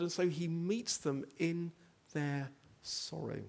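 A man's voice: a little high, slow, vocal fry, hardly any pauses, a little mellow. A man preaching a sermon, earnest, building to emphatic rhetorical questions.

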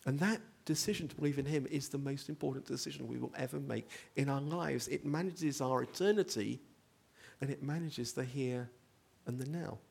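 A man's voice: medium pitch, moderate pace, vocal fry, darkish tone, breathy edge. A man preaching a sermon, earnest, building to emphatic rhetorical questions.

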